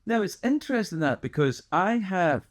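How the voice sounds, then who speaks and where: A man from Scotland with a Scottish accent softened toward American, hosting a podcast in a casual, rambling, animated monologue full of asides. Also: high voice, normal speed. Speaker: podcast host.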